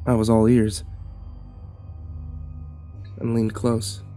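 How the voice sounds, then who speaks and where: A man's voice: lowish voice, completely flat delivery, warm tone, soft background music. Man narrating a horror story, subdued. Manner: subdued, measured first-person storytelling.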